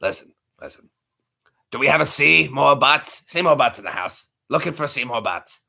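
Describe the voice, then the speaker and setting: A man voicing a gruff, pushy middle-aged cartoon bartender in a growled, bossy voice. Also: medium pitch, expressive, normal speed, pushed and bright, exaggerated voice.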